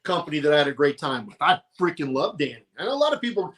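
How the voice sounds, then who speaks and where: A middle-aged man telling his career stories in a casual, animated interview, often quoting other people. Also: fairly high pitch, rapid-fire. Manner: animated, tells stories with quoted voices. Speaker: guest, monster truck announcer.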